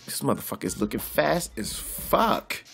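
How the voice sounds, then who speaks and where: A man doing loud, profane, comedic boxing commentary in a vlog, laughing often and calling out like a preacher. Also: mid-range voice, big pitch swings, a little slow, gravelly, faint music behind. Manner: boisterous, profane, laughs a lot, preacher-style call-outs. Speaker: boxing vlogger.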